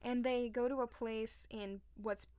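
A woman's voice: on the high side, steady tone, unhurried, mellow, clean tone, dry recording. A young woman co-hosting a podcast, telling a history story in a chatty way, full of "like". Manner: chatty, lots of "like", acts out quotes. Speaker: podcast co-host. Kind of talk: casual storytelling chat.

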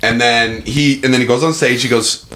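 A man's voice: medium pitch, steady tone, moderate pace, a bit bright. A man co-hosting a podcast in casual chat, recapping scenes blow by blow with plenty of swearing. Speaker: podcast co-host. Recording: echoey room, faint noise.

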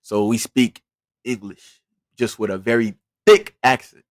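A young man from Liberia, a rapper as guest, chatting casually in a soft, laid-back voice. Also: medium pitch, steady tone, measured pace, dry recording, studio quality. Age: young adult. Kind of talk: casual interview chat.

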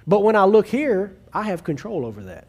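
Male pastor, slightly raised pitch, conversational sermon delivery, restarts, plays out little quoted dialogues. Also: sing-song, a little fast, a little mellow. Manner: earnest, conversational preaching with frequent restarts; acts out quoted family dialogue.

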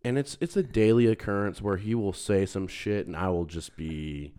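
A man's voice: on the low side, normal speed, mellow, clean tone. A man co-hosting a podcast who tells funny stories about his coworkers in a loose, casual way, cursing freely and laughing at his own tales. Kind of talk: casual storytelling chat.

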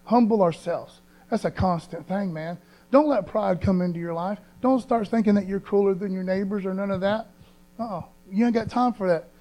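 A man's voice: high voice, normal speed, warm tone, rough recording. A man preaching a sermon as pastor, in a folksy, conversational way, reading scripture with emphasis.

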